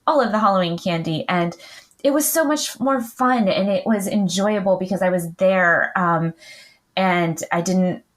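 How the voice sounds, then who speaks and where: A woman's voice: on the low side, a little slow. A middle-aged woman talking casually as an interview guest, chatty with many fillers and frequent light laughs. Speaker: podcast guest, client.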